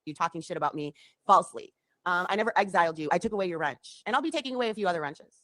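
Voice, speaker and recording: Fast-talking woman ranting on a livestream. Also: lowish voice, lively intonation, fairly bright tone. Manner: heated, accusing, profane. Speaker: livestreamer in a clip. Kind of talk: confrontational livestream rant. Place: home.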